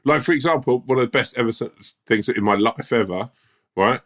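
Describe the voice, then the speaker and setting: A man co-hosting a casual chat, telling rambling, animated stories full of restarts. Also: medium pitch, a little fast. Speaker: podcast co-host.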